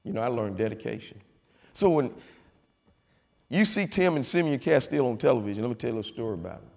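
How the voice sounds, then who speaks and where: A man, a former football player giving a folksy, animated testimony with a preaching cadence. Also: mid-range voice, fast, vocal fry. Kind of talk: storytelling speech. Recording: long reverb of a hall.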